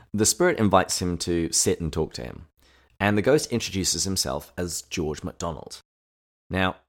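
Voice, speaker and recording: Super low voiced guy on a podcast, recapping chapters, chill and thoughtful. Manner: summarizing and reflective. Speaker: podcast co-host. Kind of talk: casual book-discussion podcast.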